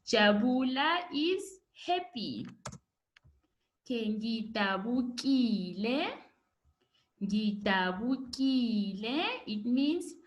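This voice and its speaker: A woman teacher giving a recorded home lesson, slowly modelling each word for children to repeat. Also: high-pitched. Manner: slow, drawn-out modelling of words for repetition. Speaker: primary school teacher.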